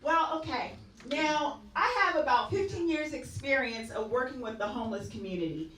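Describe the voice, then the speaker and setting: A woman's voice: high voice, moderate pace, roomy sound, distant mic, background noise. A woman doing a stand-up comedy set on a club stage, chatty and laughing at her own punchlines.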